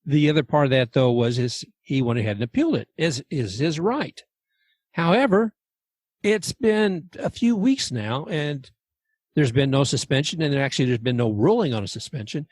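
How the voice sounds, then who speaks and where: A man's voice: mid-range voice, lively intonation, darkish tone, dry recording. A man co-hosting a sports talk show, chatting casually and often restarting his phrases. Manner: halting, restarts phrases, chuckles. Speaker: podcast co-host.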